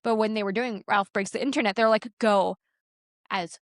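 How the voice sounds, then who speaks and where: A woman co-hosting a podcast with a fairly high voice, chatting in an animated, rambling way full of filler words. She is sick at the time. The sound is dry and close to the mic. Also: fast, dry recording. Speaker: podcast co-host. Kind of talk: casual chat.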